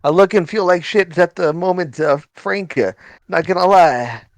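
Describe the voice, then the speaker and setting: A man as a broke alien smuggler, high gravelly voice, dry sound, for a tabletop game. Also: expressive, moderate pace, no echo. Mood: weary.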